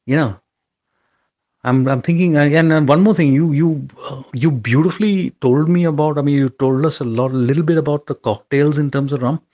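A man's voice: on the high side, brisk, darkish tone, muffled recording. A middle-aged man co-hosting a casual podcast chat over drinks, a bit tipsy, rambling in a loose, affectionate way. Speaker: podcast co-host.

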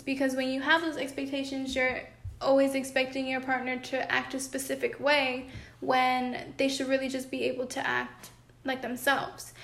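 A woman's voice: high-pitched, creaky, a bit bright, echoey room. A woman co-hosting a podcast, chatting earnestly about relationships in long flowing sentences, at home with her cat. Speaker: podcast co-host.

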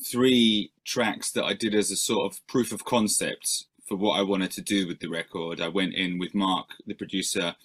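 A man's voice: deep voice, fairly even intonation, moderate pace, hardly any pauses, a bit bright, husky. A male musician answering interview questions in a rambling, self-deprecating way, with many fillers and restarts.

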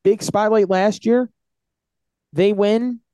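A man co-hosting a casual sports podcast, animated and confident as he runs through his football picks. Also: high voice, slow pace, clean tone, no room sound. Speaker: podcast co-host.

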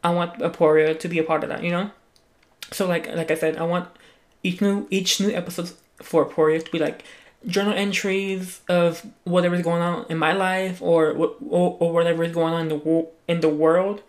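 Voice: medium pitch, little pitch movement, moderate pace. Rambling, foul-mouthed young podcast host. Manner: rambling, swears constantly, many restarts. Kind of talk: casual chat. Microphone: talking into a mic.

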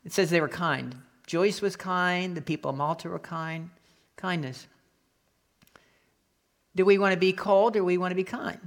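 Man preaching a lively story sermon. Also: high-pitched, normal speed, pauses often. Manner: animated storytelling, acts out quoted voices. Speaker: pastor. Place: Florida.

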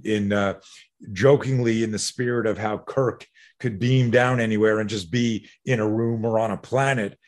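Husky man, self-defense teacher, animated storyteller who swears freely. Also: medium pitch. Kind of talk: conversational storytelling.

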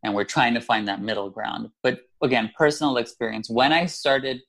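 Male co-host, mid-pitched, relaxed chat, reflective and chatty, quick to laugh at himself. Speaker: podcast co-host. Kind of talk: casual podcast chat.

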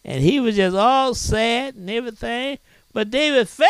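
A man's voice: very high-pitched, moderate pace, fairly bright tone, clean tone, no echo. A man preaching a sermon as pastor, peppering his telling with amens and hallelujahs and rising into dramatic cries.

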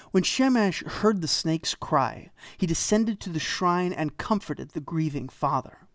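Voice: medium pitch, lively intonation, unhurried, hardly any pauses, dry recording. A storyteller retelling an old myth with wry asides and dry humor.

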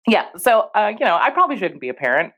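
A young adult woman co-hosting a podcast, telling stories in casual chat with frequent laughter and acted-out quotes. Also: mid-range voice. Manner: animated storyteller, laughs often, acts out quoted voices. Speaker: podcast co-host.

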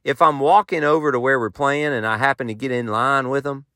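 A man's voice: medium pitch, fairly even intonation, brisk, pushed and bright, dry recording, studio quality. A man hosting a podcast, telling a rambling, self-mocking story in a folksy, casual way. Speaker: podcast host and touring musician.

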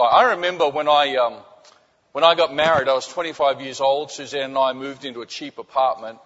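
Animated preacher man in a reverberant hall. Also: medium pitch, normal speed, lo-fi sound. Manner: animated storytelling, many restarts, drops to soft intimate tones. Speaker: pastor. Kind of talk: sermon with personal story.

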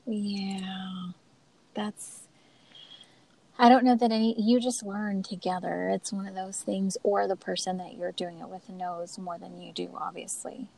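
A woman with an ordinary mid-range voice chats casually with a friend. She speaks softly and reacts more than she leads, with lines often trailing toward a whisper. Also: mid-range voice, flat delivery, measured pace, creaky, poor audio. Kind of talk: casual chat.

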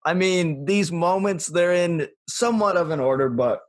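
A man's voice: high voice, moderate pace. Laughing, hesitant young man. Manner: hesitant, self-correcting, laughs often. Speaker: podcast co-host. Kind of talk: casual chat.

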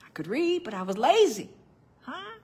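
An older woman preaching a sermon as pastor, calling out to her congregation and swinging between loud outbursts and hushed tones. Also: high-pitched, very animated, moderate pace, husky. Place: church.

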